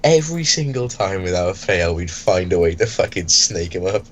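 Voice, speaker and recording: A man's voice: sits low, moderate pace, slight background noise. A young man swearing freely as he tells school stories in a casual chat. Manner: animated, sweary, laughs while telling. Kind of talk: casual storytelling.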